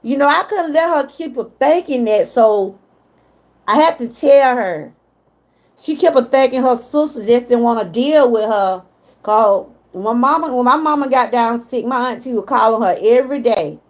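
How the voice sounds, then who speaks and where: A woman's voice: fairly high pitch, lively intonation, normal speed. A middle-aged woman with a Southern US accent, chatting casually with viewers on a livestream and getting emotional when she talks about her mother. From Georgia, US. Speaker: livestream host.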